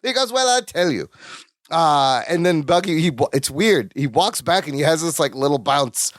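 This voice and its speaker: A man co-hosts a relaxed podcast recap, his voice high and bouncing with lively swings of pitch. He slips in quick voices for the characters as he retells scenes. The sound is dry and close. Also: dry recording. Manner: animated, acts out sitcom lines in quick impressions. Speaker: podcast co-host. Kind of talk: casual recap chat.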